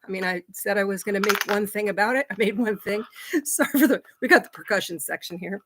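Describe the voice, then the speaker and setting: A woman's voice: mid-range voice, quick pace, fairly bright tone. A middle-aged woman hosting a casual livestream, chatty and laughing often as she talks to viewers and her dog. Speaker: livestream host.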